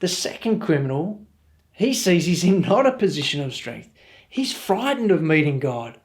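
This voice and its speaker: A man's voice: fairly high pitch, big pitch swings, normal speed. A middle-aged man with an Australian accent, preaching a sermon in an earnest, storytelling way. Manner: earnest, storytelling with quoted voices. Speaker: pastor.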